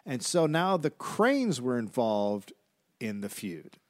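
A man's voice: mid-range voice, very animated, takes it slowly, dry recording. Dry-voiced man reading history on a comedy podcast. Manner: reads out history notes with filler "uh"s, dry asides. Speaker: podcast co-host and researcher. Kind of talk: casual comedic history chat.

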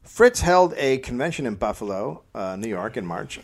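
A man's voice: fairly low pitch, animated, moderate pace, hardly any pauses. A man hosting a comedy history podcast, reading old texts aloud and breaking off for dry jokey asides.

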